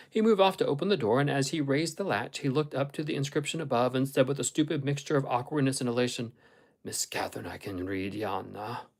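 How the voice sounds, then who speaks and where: A man reading a classic novel aloud in a steady, measured storytelling voice. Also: mid-range voice, poor audio. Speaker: audiobook reader.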